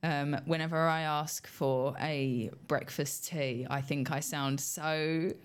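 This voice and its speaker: Casting note: young British woman, radio host, low voice, chatty studio delivery with frequent ums. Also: fairly even intonation, slow, clean tone. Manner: chatty, lots of ums, light laughs. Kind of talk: casual radio chat.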